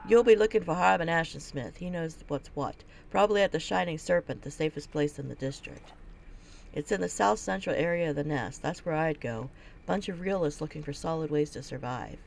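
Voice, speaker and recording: A woman's voice: sits low, brisk, creaky, a little mellow. A woman reading the part of a weary, blunt male gate captain in a fantasy video game, speaking in a curt and dismissive way. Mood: gruff.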